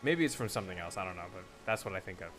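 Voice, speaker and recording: A young man streams a game and chats casually, swearing and cutting himself off mid-thought. His pitch swings in a lively way, and soft game music plays faintly behind him. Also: racing. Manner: profane, rambling, self-interrupting. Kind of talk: casual live commentary while gaming.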